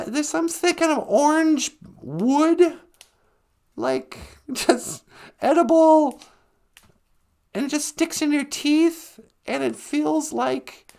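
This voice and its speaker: A man putting on a high, creaky, sing-song voice as a chatty trickster character who hosts a live stream, rambling and opinionated. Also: darkish tone, heavily acted. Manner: rambling, opinionated, mocks and laughs.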